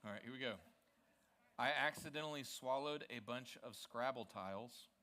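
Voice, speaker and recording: A man's voice: medium pitch, moderate pace, pushed and bright. A man hosting a student ministry service from a church stage, chatting casually with the young crowd and checking in with them often. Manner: upbeat, coaxing, checks in with the crowd.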